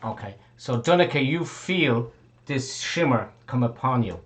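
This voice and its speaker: A man's voice: medium pitch, animated, unhurried. A man narrating a tabletop game as game master, rambling, swearing casually and laughing often.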